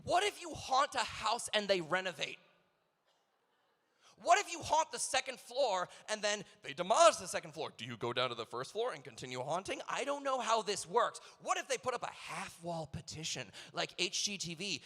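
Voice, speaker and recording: A man's voice: high-pitched, sing-song, moderate pace, bright, forceful tone. A man emceeing a convention event, riffing through a stand-up comedy bit full of rambling rhetorical questions. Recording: long reverb of a large hall over PA.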